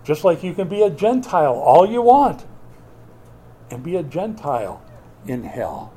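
A man preaching a sermon as pastor, swinging between loud emphatic bursts and quiet asides, with a wry, joking touch. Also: a little high, sing-song, unhurried, slightly rough. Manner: wry, joking delivery with mock quotes.

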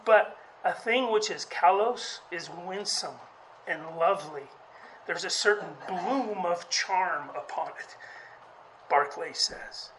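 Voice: fairly bright tone, a little hiss or hum, low-quality recording. A preacher giving a conversational sermon, often restarting words and acting out quotes. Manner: conversational, halting delivery with frequent restarts; acts out quoted speech with raised pitch.

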